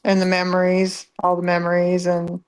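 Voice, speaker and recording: A woman's voice: on the low side, monotone, normal speed. A woman in a casual interview, rambling through memories with many fillers and restarts. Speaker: relative of the voice actor, interview guest. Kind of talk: casual remote interview chat.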